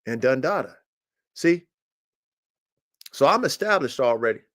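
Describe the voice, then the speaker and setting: A man's voice: sing-song, unhurried, fairly bright tone. Cocky dude bragging about his dogs on a stream, voice jumps way up when he gets hyped. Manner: boastful, swaggering and profane, pitch jumping up when hyped. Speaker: dog breeder hosting a livestream. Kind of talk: casual livestream monologue. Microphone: streaming mic.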